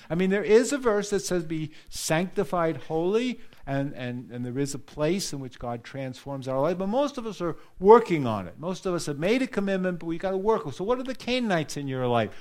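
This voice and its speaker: A male pastor delivers a sermon in an earnest, direct way. His voice sits a little higher than most men's. He leans on repetition for emphasis and turns often to ask his listeners questions. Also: sing-song, moderate pace, few pauses, a little mellow. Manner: earnest, repeats phrases for emphasis; addresses a congregation directly with questions.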